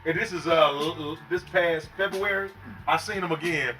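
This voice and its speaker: A young man guesting on a casual podcast, telling stories in an animated, profane way and acting out other people's voices. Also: a little high, normal speed, soft background music. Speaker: guest and concert host. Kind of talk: casual podcast chat, storytelling.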